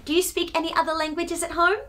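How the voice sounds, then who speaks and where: A woman's voice: very high-pitched, level tone, fast talker, fairly bright tone. A woman reading a picture book aloud to children, adding chatty asides with gasps and giggles. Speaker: children's storyteller.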